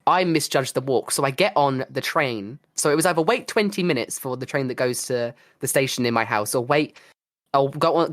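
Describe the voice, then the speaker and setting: Young male host, animated, theatrical rants, casual swearing. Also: mid-range voice. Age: young adult. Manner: animated, swearing, dramatic storytelling. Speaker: podcast host. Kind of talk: casual chat.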